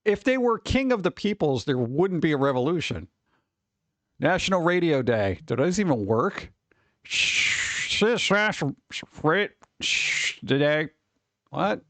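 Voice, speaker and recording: A man's voice: on the high side, very animated, normal speed, no room sound. A man hosting a casual live stream, chatting with viewers and making wisecracking, sarcastic asides. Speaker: streamer host.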